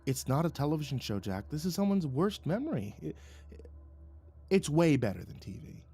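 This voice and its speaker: A man's voice: fairly high pitch, very animated, moderate pace, mellow, husky, pitched above the performer's own voice. A man voicing a flustered, apologetic male spirit guide who talks in fumbling, hesitant bursts.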